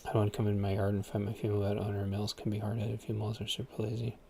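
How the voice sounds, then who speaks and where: A man's voice: lowish voice, completely flat delivery, very fast, gravelly, dark tone. A man ranting in a casual, rambling way, swearing often and repeating words as he restarts his sentences. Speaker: streamer. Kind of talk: casual rant.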